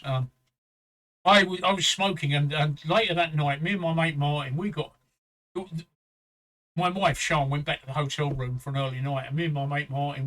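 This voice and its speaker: Middle-aged English host, high and bright, rambling anecdotal storyteller. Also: male voice, rough recording. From England. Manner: swearing, repeats "right?" as a tag; quotes others in a raised voice. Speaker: show host. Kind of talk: casual storytelling chat.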